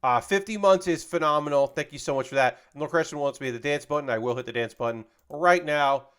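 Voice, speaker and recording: A man's voice: fairly high pitch, fast talker, fairly bright tone, clean tone. Profane rambling man chatting on stream. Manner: rambling, profane, reads chat aloud. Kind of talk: casual live-stream chat while building LEGO.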